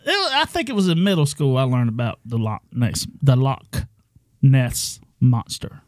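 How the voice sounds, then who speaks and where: An older man co-hosting a podcast, telling a story in a rambling, halting way and laughing often. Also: mid-range voice, sing-song, a little mellow, dry recording, studio quality. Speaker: podcast co-host. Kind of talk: casual chat.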